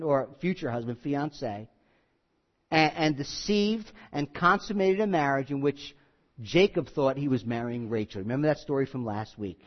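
Folksy joking preacher, high voice. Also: male voice. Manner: folksy, joking, then earnest and emphatic. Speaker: pastor. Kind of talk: sermon. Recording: slightly muffled recording.

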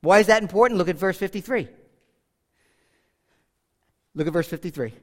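A man's voice: high voice, normal speed. A pastor preaching a sermon, talking casually with asides and humor as he walks through a passage. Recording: hall reverb.

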